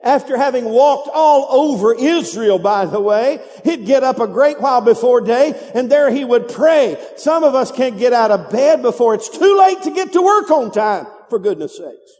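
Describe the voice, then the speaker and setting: His voice very high-pitched and a little mellow, a male pastor preaches at a moderate pace with lively intonation and few pauses. Recorded with the long reverb of a large church sanctuary, his emphatic call-and-response sermon urges the congregation to talk back and repeat after him.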